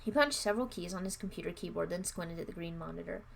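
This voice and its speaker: Gravelly woman reading aloud. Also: lowish voice, fast talker, a little hiss or hum. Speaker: reader. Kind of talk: live book reading.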